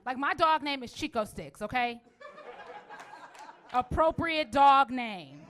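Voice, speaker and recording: A woman's voice: sits high, animated, slow, fairly bright tone, a faint crowd. A woman in her forties performing a brash, profane stand-up comedy routine with a punchy delivery. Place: comedy stage.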